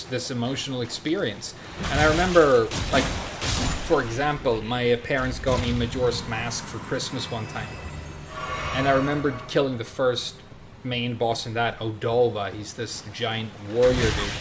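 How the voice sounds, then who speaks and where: A man's voice: medium pitch, background noise. A man in his thirties from Sweden, chatting casually in a rambling way while commenting on his own gameplay. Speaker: game streamer.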